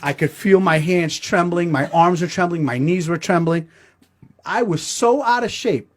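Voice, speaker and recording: Middle-aged male host, slightly high voice, crude self-mocking comic storyteller. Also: moderate pace. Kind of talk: comedic storytelling.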